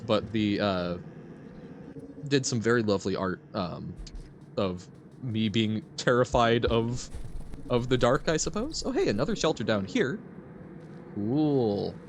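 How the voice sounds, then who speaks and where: Lively, giggly male game streamer. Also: medium pitch, a little slow, pauses often, a little hiss or hum. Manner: chatty, giggly, reads chat aloud. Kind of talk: casual gameplay commentary.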